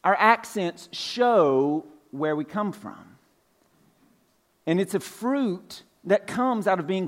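Folksy Georgia-raised pastor in a reverberant church. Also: male voice, sits high, a bit bright. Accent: light Southern US, Georgia. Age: 40s. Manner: conversational, folksy, with fillers and asides. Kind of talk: sermon. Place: church sanctuary.

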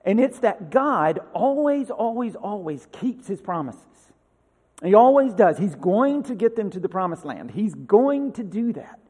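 A man with a high, light voice preaches a sermon, reading scripture aloud with lifted emphasis. Between readings he drops into a loose, chatty tone. The sound rings with a long reverb from a large hall. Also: very animated, a little slow, warm tone. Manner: reads scripture with rising emphasis, then talks casually. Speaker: pastor.

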